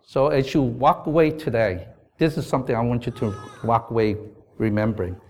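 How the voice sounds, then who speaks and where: A man's voice: mid-range voice, fairly quick, a little mellow, a little hiss or hum. A man giving a sermon as a pastor, telling a family story and reading scripture aloud in an earnest, conversational way. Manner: earnest, conversational preaching with asides to the congregation.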